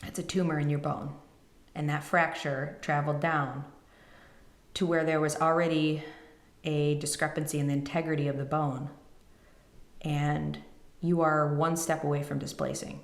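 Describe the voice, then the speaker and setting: A woman's voice: low voice, flat delivery, normal speed, long pauses, roomy sound. A woman in her thirties, a podcast host, emotionally retelling a personal story and acting out the people in it. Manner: emotional, quotes others in retelling.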